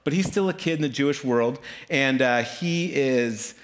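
A middle-aged man, a pastor, telling a story in a casual, animated sermon, keeps asking "right?" and acting out voices. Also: moderate pace. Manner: animated, acts out voices with big pitch swings.

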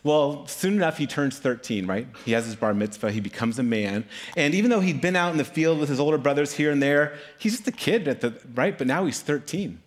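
A middle-aged man, a pastor, telling a story in a casual, animated sermon, keeps asking "right?" and acting out voices. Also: fairly quick, few pauses. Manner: animated, acts out voices with big pitch swings.

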